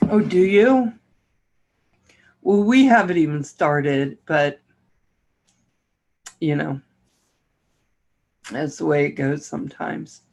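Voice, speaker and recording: A woman's voice: low-pitched, takes it slowly, creaky, pauses often, a little mellow. A woman hosting a casual livestream, greeting viewers by name and laughing often as she chats. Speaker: livestream host.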